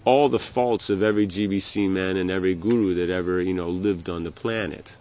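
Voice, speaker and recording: A man giving an informal religious lecture as a spiritual teacher, talking in a halting way with many restarts and "you know". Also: low voice, fairly even intonation, a little mellow, muffled recording.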